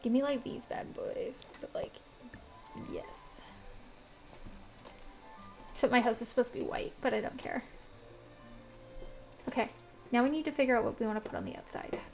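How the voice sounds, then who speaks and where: A woman's voice: a little high, steady tone, normal speed, creaky, pauses often, a little mellow, soft background music, rough recording. A woman streaming a building game, chatting casually to herself with lots of "like" and a self-described Valley Girl way of talking. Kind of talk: casual gameplay commentary.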